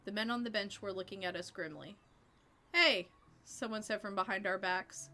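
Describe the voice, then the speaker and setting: A woman streamer reading a story game aloud and chatting with viewers in a lively way, laughing between passages. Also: mid-range voice, fairly quick.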